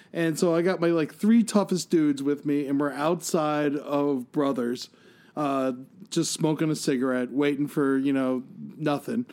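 Man, young adult, casual podcast host, animated storyteller, acts out quotes, slightly high voice. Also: normal speed.

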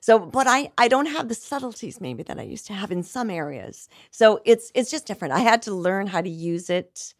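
A woman's voice: medium pitch, big pitch swings, normal speed, hardly any pauses, dry recording. Reflective middle-aged woman, dry close sound. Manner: reflective, earnest, with restarts and stretched words. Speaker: guest, singer. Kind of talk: candid conversational interview.

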